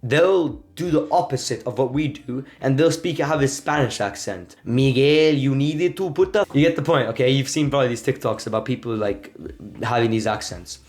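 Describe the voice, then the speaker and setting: A man's voice: medium pitch, a little fast. A man giving a casual spoken lesson on pronunciation, explaining loosely with many fillers and acting out vowel sounds. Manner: demonstrates vowels with exaggerated sounds and laughs. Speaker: Spanish teacher.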